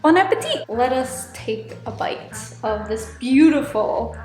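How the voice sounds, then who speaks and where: A woman's voice: fairly high pitch, slow pace, mellow, roomy sound, soft background music. A woman hosting a casual cooking vlog, chatty and rambling, amused at herself as she talks through a recipe.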